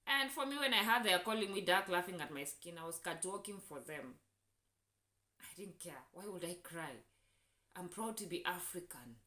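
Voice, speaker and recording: Kenyan woman vlogging, bright voice, echoey room, fired up telling her story. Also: fairly low pitch, normal speed. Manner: indignant, animated storytelling. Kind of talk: storytelling vlog.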